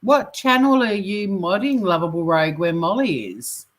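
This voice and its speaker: A woman's voice: medium pitch, animated, moderate pace. A woman co-hosting a podcast in casual chat, blunt and sweary, ranting with energy. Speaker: podcast co-host.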